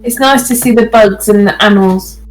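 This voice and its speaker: A woman's voice: medium pitch, fairly quick, soft background music, poor audio. A woman chatting easily as a tabletop player, going along with the group. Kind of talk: casual tabletop chat.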